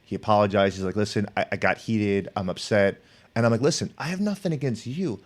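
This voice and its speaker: As a podcast guest, the middle-aged professor and author brings his conversational stories to life, acting out each person he quotes with animated energy. His voice leans low, and he talks a little fast.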